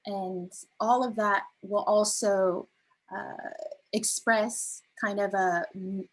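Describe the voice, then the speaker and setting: Woman, workshop facilitator, husky soft tone, gentle, hesitant pauses. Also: medium pitch, rough recording. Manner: gentle, many ums and restarts. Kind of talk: teaching a spoken word workshop.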